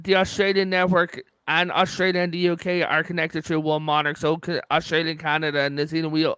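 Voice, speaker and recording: Storytelling podcast man, smooth clear voice. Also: fairly high pitch, little pitch movement, fairly quick, pushed and bright, no room sound. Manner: storytelling, swears, rambling. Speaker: podcast host. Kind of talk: casual chat.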